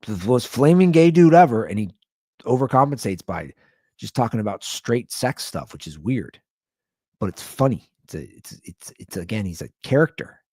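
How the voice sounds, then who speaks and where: A man's voice: lowish voice, animated, normal speed, slightly rough, dry recording, studio quality. A man hosting a podcast, telling a comic story in a rambling, loose, casually profane way. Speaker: podcast host. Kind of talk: casual comedic storytelling rant.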